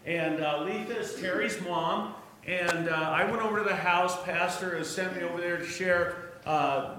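Man, church testimony, animated storyteller, boomy hall echo, faint hiss. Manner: storytelling, animated, joking asides. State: hard of hearing. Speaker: church speaker sharing a testimony. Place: church sanctuary. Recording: echoey church room, distant mic.

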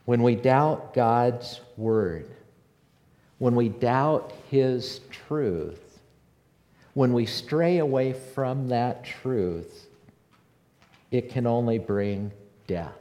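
A man preaching a sermon as pastor, passionate and building to loud emphatic repetition. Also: medium pitch, very slow, pauses often, in a large hall. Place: church sanctuary.

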